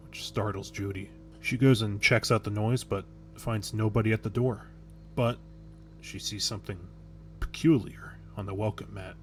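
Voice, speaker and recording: A man narrating a horror story in a casual, crude way, with nervous restarts. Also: on the low side. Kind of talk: creepypasta storytelling.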